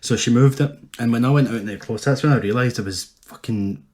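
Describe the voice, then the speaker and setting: A man's voice: medium pitch, a little fast, a little mellow. A Scottish man in his thirties, co-hosting a casual podcast chat, swearing often and laughing through his stories. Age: 30s. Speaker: podcast co-host.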